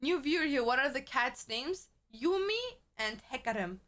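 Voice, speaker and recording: A high-pitched woman from Germany, speaking English. She streams and chats loosely with her viewers, rambling from one thought to the next and cursing casually. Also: animated, moderate pace, fairly bright tone. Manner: chatty, rambling, swears freely.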